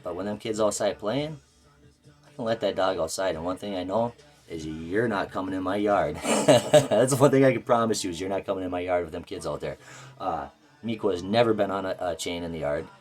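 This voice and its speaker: Man, very low voice, blunt, profane, rambling vlog story, faint music behind. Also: fairly quick, a little mellow. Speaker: vlogger. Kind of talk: casual storytelling to camera.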